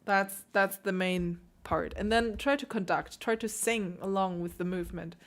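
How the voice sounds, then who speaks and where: A woman who hosts a piano channel, critiquing viewers' playing with emphatic, animated coaching. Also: medium pitch, moderate pace. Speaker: piano teacher and channel host.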